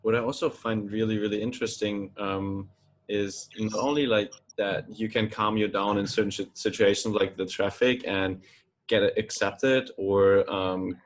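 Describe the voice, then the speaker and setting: A man with a fairly low voice hosts a casual interview. He talks things through thoughtfully, hesitating and filling pauses as he builds his point. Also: fairly even intonation. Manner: thoughtful, hesitant, many fillers. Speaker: podcast host.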